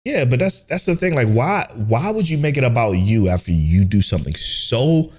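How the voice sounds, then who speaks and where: A man's voice: mid-range voice, moderate pace, husky. A man co-hosting a casual anime podcast. He rants animatedly, swears freely and acts out the characters' lines as he retells scenes. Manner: animated, profane ranting, acts out quoted characters. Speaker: podcast co-host.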